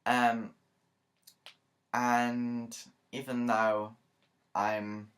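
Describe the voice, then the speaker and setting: This woman's voice sits extremely low and comes out flat and extremely slow. She's a YouTuber talking to camera in a rambling, earnest, emotional way, full of fillers and side remarks.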